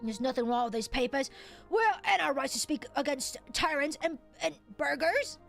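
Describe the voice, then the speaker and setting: A woman voicing a gruff, defiant older male dwarf foreman in a video game, reading his lines in character with a blustering, dismissive manner. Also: high voice, lively intonation, normal speed, fairly bright tone, soft background music, exaggerated voice.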